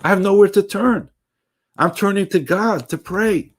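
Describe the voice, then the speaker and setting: A man's voice: high-pitched, moderate pace, pitched above the performer's own voice. A man voicing a poor wagon driver who pleads in anguish after losing his horse. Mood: pleading, distraught.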